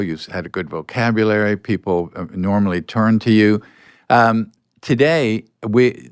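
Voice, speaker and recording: An older man speaks as a podcast guest, recorded close and dry. His voice sits low and smooth as he tells his anecdotes at an easy pace, now and then acting out the lines of people in the story. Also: dry recording.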